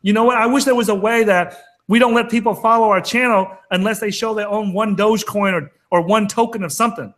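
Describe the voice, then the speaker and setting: Speaking fairly quickly with fairly even intonation, this man has a high voice and a fairly bright tone. As co-host of a crypto trading talk show, he launches into an emphatic, fired-up rant in casual conversation.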